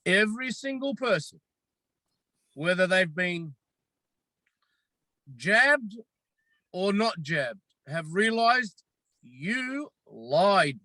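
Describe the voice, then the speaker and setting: An Australian man speaking as a podcast guest, emphatic and deliberate, repeating his points for force. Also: high-pitched, very animated, bright, forceful tone, no room sound, low-quality recording. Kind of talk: impassioned podcast talk.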